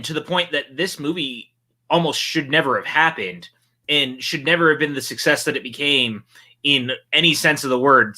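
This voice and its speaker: A man's voice: mid-range voice, bright, forceful tone. A man co-hosting a casual movie watch-along stream, chatting and reading out viewer comments. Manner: chatty, reads viewer chat aloud. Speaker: podcast co-host.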